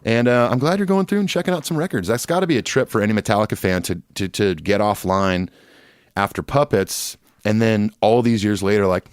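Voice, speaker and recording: A man's voice: lowish voice, animated, fairly quick, smooth, no echo, studio quality. A man co-hosting a podcast in casual chat, reading listener emails in a laid-back, rambling way and laughing often. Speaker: podcast co-host. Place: Nashville.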